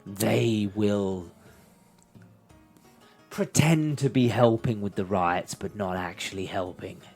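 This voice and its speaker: A man's voice: fairly low pitch, takes it slowly, a little mellow, faint music behind. A man narrating a tabletop role-playing game as game master.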